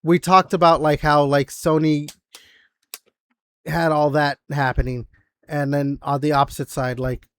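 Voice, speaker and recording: A man's voice: on the high side, level tone, measured pace, a bit bright. A man co-hosting a casual gaming podcast, rambling with lots of fillers and swearing. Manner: rambling, filler-heavy, profane. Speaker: podcast co-host.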